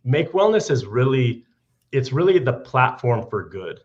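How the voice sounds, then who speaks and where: A man's voice: mid-range voice, sing-song, measured pace. Guy doing a rousing business pep talk, earnest, kinda muffled audio. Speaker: company leader on a business call. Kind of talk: motivational business speech. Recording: dull archived call audio.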